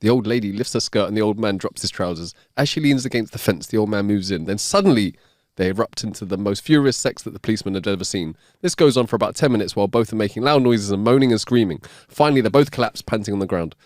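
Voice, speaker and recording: A man's voice: lowish voice, fast, a little mellow, dry recording, clean studio sound. A man co-hosting a casual podcast, telling long, rambling jokes and laughing at his own lines. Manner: laughs often, rambling joke-teller. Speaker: podcast co-host.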